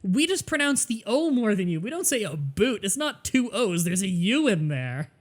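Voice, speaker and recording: A young man with a Southern Ontario Canadian accent streams a game, chatting casually, laughing easily, and explaining things at length in lively gaming commentary. His voice is high-pitched, at a moderate pace.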